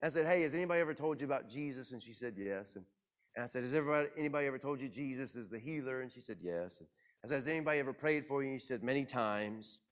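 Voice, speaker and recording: A man preaching to his congregation, telling a personal story in a lively, self-mocking way. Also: mid-range voice, racing. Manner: animated, self-deprecating storyteller. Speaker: pastor. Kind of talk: sermon storytelling. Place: church.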